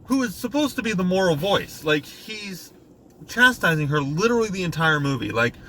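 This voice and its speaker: A man co-hosting a podcast, chatting casually and exasperatedly about a bad movie and acting out its scenes in quick mocking voices. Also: high-pitched, big pitch swings, a bit bright, slight background noise, poor audio. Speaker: podcast co-host. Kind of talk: casual movie review chat.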